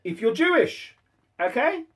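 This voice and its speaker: A man hosting a casual debate, talking haltingly with frequent restarts and fillers. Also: extremely high pitch, big pitch swings. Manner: hesitant, halting speech with many restarts.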